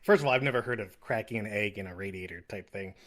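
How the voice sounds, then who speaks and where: A man's voice: fairly low pitch, fast, fairly bright tone. A young man co-hosting a podcast, laid-back and rambling, often chuckling as he retells scenes. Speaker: podcast co-host. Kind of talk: casual chat.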